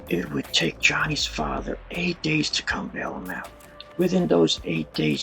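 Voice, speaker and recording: A man narrates a true-crime tale in a loose, dramatic storyteller style, jumping into voices and sound effects. His voice is heavily gravelly and sits a little high, rising and falling with animated swings. Faint music plays underneath.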